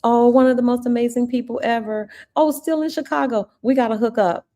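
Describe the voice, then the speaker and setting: A woman's voice: a little high, steady tone, brisk, mellow. A woman, a former teacher, hosting a casual livestream chat with her viewers, effusive and chatty. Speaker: channel host.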